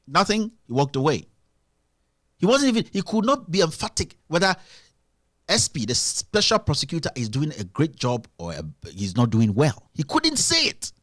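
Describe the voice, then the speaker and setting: A man's voice: a little high, fairly bright tone, dry recording, clean studio sound. A man hosting a live-stream show, giving emphatic, repetitive political commentary.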